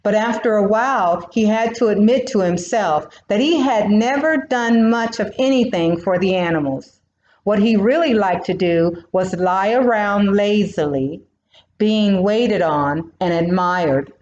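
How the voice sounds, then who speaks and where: Slow, expressive woman reading a storybook. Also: medium pitch, slight background noise. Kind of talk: reading a children's storybook aloud. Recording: roomy, dull recording.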